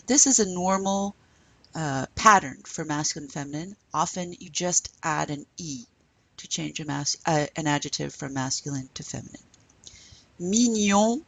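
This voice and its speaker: A woman with a low, husky voice is teaching a French lesson. She speaks at an unhurried pace and models each word carefully for students to repeat. The recording is dry and close. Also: no echo. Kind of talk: recorded language lecture.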